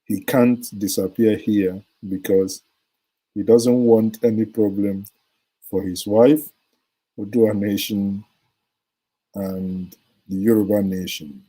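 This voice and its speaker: Give me a man hosting a news commentary show, hesitant and unhurried, speaking in a dark, low voice. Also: steady tone, breathy edge, low-quality recording. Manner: hesitant, many pauses and fillers. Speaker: show host.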